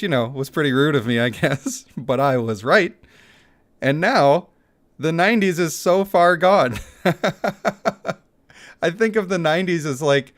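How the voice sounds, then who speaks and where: A man's voice: a little high, fairly bright tone. A man in his thirties chatting casually on a livestream, reading out chat messages and laughing often. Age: 30s.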